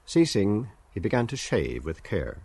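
A man narrating a literary radio drama in a measured, deliberate reading. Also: on the low side, big pitch swings, creaky, darkish tone, husky, no echo.

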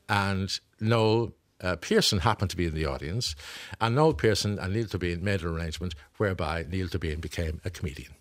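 A man's voice: sits low, lively intonation, moderate pace, a bit bright, no echo. A man reminiscing on a radio show, rambling through anecdotes with lots of fillers. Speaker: radio broadcaster telling stories. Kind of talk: casual radio chat.

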